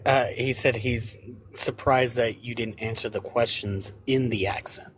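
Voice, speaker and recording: A man's voice: medium pitch, steady tone, a little slow. A man joking around in casual chat on a live stream, a bit self-deprecating. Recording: noisy background on a live stream.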